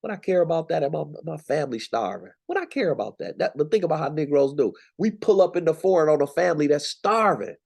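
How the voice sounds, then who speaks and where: A man's voice: fairly high pitch, lively intonation, fast, creaky, few pauses, darkish tone, slightly rough. A young man teaching scripture in a casual, slangy, emphatic way, from the United States. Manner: conversational, preachy, slangy and emphatic. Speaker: Bible teacher.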